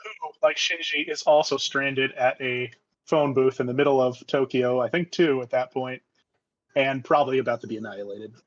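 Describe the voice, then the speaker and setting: A man's voice: medium pitch, normal speed, muffled recording. A man on a casual podcast who makes dry jokes and swears. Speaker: podcast co-host.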